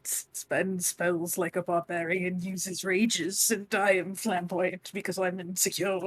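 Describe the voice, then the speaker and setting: A woman's voice: on the low side, little pitch movement, a little slow. A woman mocking an insecure flamboyant bard. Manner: mocking self-deprecating confession.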